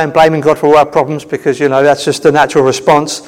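A man preaching a sermon in a conversational, animated storytelling manner. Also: a little high, fast, big-room sound, low-quality recording.

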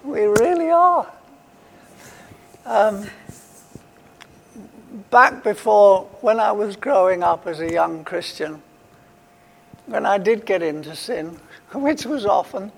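A man's voice: high voice, expressive, takes it slowly, gravelly, long pauses. A man preaching a sermon, emphatic and repeating his key phrases for weight. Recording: long hall reverb.

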